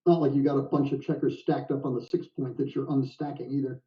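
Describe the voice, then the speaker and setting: An older man giving live game commentary in a chatty, jokey way, quick to laugh. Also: mid-range voice, level tone. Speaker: backgammon commentator. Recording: dull, distant sound.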